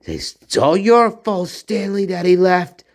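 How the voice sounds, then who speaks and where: A nagging mother who whines and puts the blame on her son , as a man puts her on. Her voice sits high and complaining, and it comes out slowly and plaintively. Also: expressive, heavily acted. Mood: whining. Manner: whiny, accusing. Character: nagging, self-pitying mother, whining and accusing.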